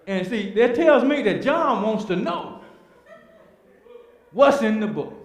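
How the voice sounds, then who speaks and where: A man's voice: high voice, animated, a little slow, long pauses. A man teaching a church Bible class, preaching with emphatic repetition and rhetorical questions. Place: church hall. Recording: echoey church hall.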